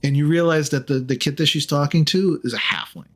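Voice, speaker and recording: A man's voice: a little high, brisk. A man narrating as game master of a tabletop game, rambling and using lots of fillers. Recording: faint music behind.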